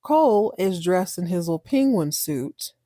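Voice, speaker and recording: A woman's voice: fairly low pitch, animated, measured pace, warm tone, no room sound, clean studio sound. A woman hosting a podcast, giving a casual, candid and slangy recap of a TV episode. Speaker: podcast host.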